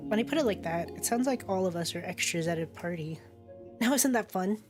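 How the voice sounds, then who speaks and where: A woman's voice: mid-range voice, animated, a little fast, over music. A woman streaming a narrative game, reading its text aloud and reacting with chatty commentary, laughing often and swearing casually.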